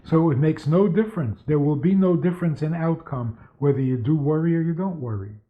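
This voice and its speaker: A man's voice: on the high side, a little fast. A man who is a rabbi, giving a spoken lecture with stories and asking rhetorical questions. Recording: tinny phone-like sound.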